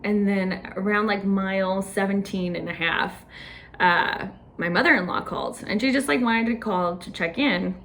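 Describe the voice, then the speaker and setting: A woman's voice: medium pitch, normal speed, fairly bright tone, a little hiss or hum. Chatty young woman, filler-heavy storytelling. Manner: chatty, lots of "like" fillers, laughs often. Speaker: podcast host. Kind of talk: casual personal recap.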